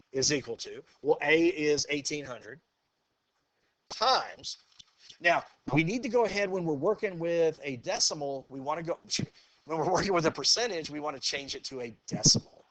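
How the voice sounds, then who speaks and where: A teacher with a slightly high voice, calling out "okay" often. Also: male voice, moderate pace. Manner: relaxed, says "okay" and "go ahead" often, quizzes the class. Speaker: math teacher. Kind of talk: classroom lecture. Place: classroom with students.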